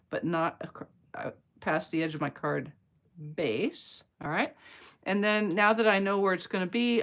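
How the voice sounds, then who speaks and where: Chatty woman demonstrating card-making. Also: on the low side. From Atlanta area, US. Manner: chatty and playful, bantering with viewers mid-demo. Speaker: craft demonstrator. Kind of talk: live card-making tutorial chatting with viewers.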